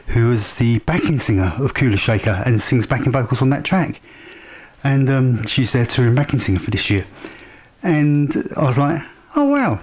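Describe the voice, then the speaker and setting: A man's voice: medium pitch, a little mellow, husky. Chatty man telling a story. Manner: chatty, enthusiastic, rambling with fillers. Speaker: vlogger. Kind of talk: casual storytelling.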